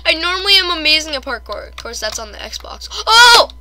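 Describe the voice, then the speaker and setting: A young woman chatting casually over her own gameplay, excitable and quick to gasp and squeal at her failures. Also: high-pitched, slight background noise. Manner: excitable, shrieks and gasps at fails. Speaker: gamer.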